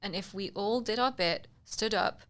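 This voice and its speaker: A woman's voice: medium pitch, normal speed, fairly bright tone. A woman, a guest on a radio talk show, breezy and wry, laughing easily. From United Kingdom. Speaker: guest commentator. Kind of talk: casual interview chat. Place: radio studio.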